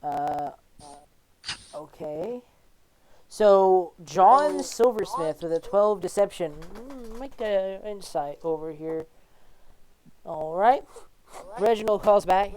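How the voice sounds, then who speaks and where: A woman's voice: mid-range voice, lively intonation, takes it slowly, long pauses, darkish tone. A woman narrating as game master in a casual, filler-heavy way.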